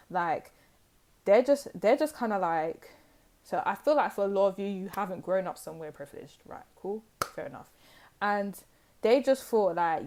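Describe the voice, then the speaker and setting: A young woman giving a pick-a-card tarot reading, talking in an emphatic, animated way and repeating phrases for stress. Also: medium pitch. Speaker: tarot reader.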